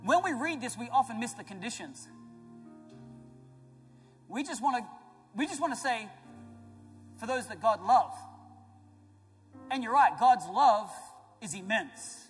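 A man preaching a sermon as pastor, emphatic and building to loud declarations, with joking asides to the congregation. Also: extremely high pitch, lively intonation, unhurried, pauses often. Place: church auditorium. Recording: large church hall with reverb and faint music.

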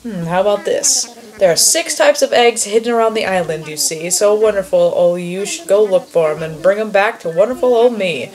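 A woman's voice: medium pitch, normal speed, a little mellow, natural voice. A woman reading aloud the lines of a chirpy male bunny in a costume, in a sing-song rhyming patter. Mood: cheery. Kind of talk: reading game dialogue aloud.

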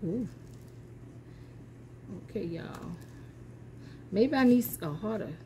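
A woman's voice: medium pitch, lively intonation, takes it slowly, gravelly, very noisy. An older woman, hosting a haul video and giveaway drawing, chatting folksily and calling her viewers honey and baby. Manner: folksy, calls viewers honey and baby, talks of herself as boss lady. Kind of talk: casual chat to viewers.

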